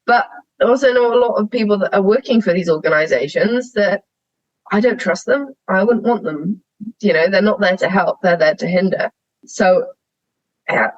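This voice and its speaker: A woman's voice: medium pitch, normal speed, dry recording. Frank young woman, lo-fi audio. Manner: frank, animated storytelling, laughs often. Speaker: sheep shearer and podcast guest. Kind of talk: candid conversational interview.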